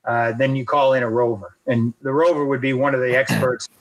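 A man's voice: medium pitch, little pitch movement, fairly quick, poor audio. A middle-aged man, a golf rules official, telling a self-deprecating story in an interview with many fillers.

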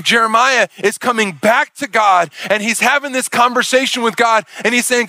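A middle-aged male pastor delivers a lively sermon in a high, bright voice. He preaches with animation, slipping into acted-out voices that swing up and down. The sound is close and dry. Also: normal speed, few pauses, no room sound.

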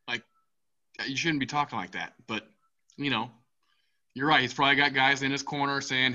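A man hosting a casual sports podcast, energetic and swearing freely as he moderates the panel. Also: mid-range voice, moderate pace, pauses often, highs cut off. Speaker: podcast host.

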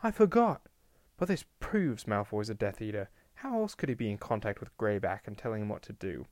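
A man's voice: lowish voice, very animated, a little fast, a little mellow, no room sound. A man reading aloud and voicing a stubborn, suspicious teenage wizard who talks in an insistent, exasperated way.

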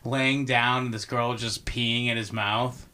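A man's voice: medium pitch, little pitch movement, measured pace, bright, forceful tone, smooth. A man co-hosting a casual podcast chat, crude and sarcastic, full of jokes. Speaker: podcast co-host.

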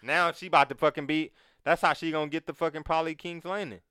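Bright, clear-voiced man in casual chat. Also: on the high side, fast, no room sound, studio quality. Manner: animated, profane, acts out quotes.

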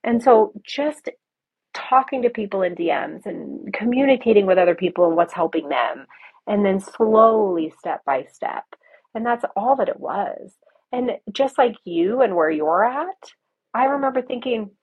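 A woman's voice: fairly high pitch, animated, unhurried, husky. A woman guest candidly telling her recovery story in a blunt, casual way, swearing freely. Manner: blunt, swears casually, reenacts own past words. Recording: tinny phone-like call line.

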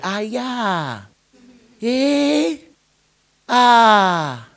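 A man's voice: sits high, very slow, long pauses. A male pastor preaching a sermon, leading the congregation in call-and-response. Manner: animated preaching, leads the congregation in repeating lines.

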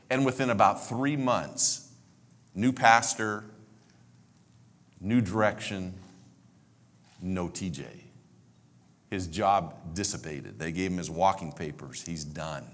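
A man in his sixties, a pastor telling a heartfelt story in a sermon, repeating himself when moved and sinking to a hushed near-whisper. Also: low-pitched, lively intonation, slow pace, long pauses.

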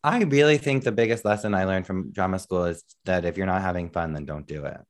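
Deep-voiced male guest. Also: fast talker. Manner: earnest, self-deprecating storyteller. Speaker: podcast guest, musician and actor. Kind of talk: casual interview chat.

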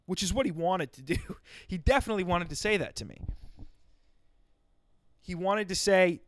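A young man tells a comic story in a rambling, wry monologue, with a slightly higher voice that stays smooth and clear. He stops and restarts his sentences as he goes. The recording is dry and close. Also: normal speed, a bit bright, no room sound. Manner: rambling, self-interrupting, wry.

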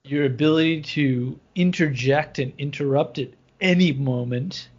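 A man's voice: on the high side, measured pace, husky. A middle-aged man co-hosting a podcast in casual chat, telling self-deprecating stories about his kids. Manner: joking, self-deprecating storyteller. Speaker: podcast co-host. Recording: dull lo-fi podcast audio.

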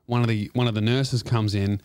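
A man's voice: mid-range voice, fairly even intonation, fairly quick, a little mellow, no echo, clean studio sound. A man who is a comedian and podcast host, telling a profane, rambling comic story full of restarts.

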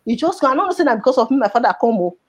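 A woman's voice: fairly high pitch, animated, racing, darkish tone. A woman from Nigeria speaking with a Nigerian Pidgin accent, telling her life story in an interview in an emotional way and repeating words for emphasis. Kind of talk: personal life story in conversation.

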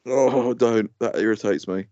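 A man's voice: medium pitch, measured pace, warm tone, no echo. A man co-hosting a podcast in casual chat, grumbling good-naturedly about things that irritate him. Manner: chatty, grumbling about pet peeves. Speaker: podcast co-host. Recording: dull lo-fi podcast audio.

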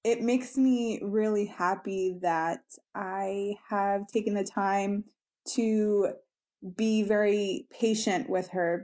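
A mother chatting casually about parenting, reflective and hesitant, with fillers and soft laughs. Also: medium pitch.

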